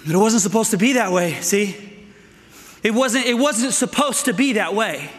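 A middle-aged man preaching a sermon to men, energetic and out of breath, calling for amens. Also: high voice, moderate pace. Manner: energetic, calls for amens, asks "right?". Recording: echoey hall with long reverb.

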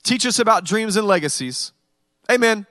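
A man with a high voice preaching a sermon, relaxed and chatty, and he drops jokes and stories into the message. The sound is dry and close, with no room echo. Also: moderate pace. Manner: conversational preaching with humorous storytelling. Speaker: pastor.

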